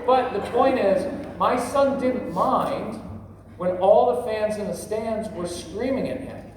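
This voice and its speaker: A man's voice: sits high, slow. Joking middle-aged man in an echoey hall. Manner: joking, rambling, talks straight to the audience. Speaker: parenting workshop speaker. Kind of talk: humorous workshop talk. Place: large convention hall. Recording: echoey hall, voice from a distance, faint noise.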